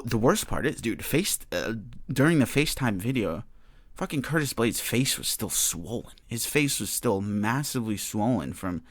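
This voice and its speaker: A man's voice: lowish voice, no room sound, studio quality. A young man hosting a solo podcast, ranting heatedly and swearing a lot. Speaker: podcast host.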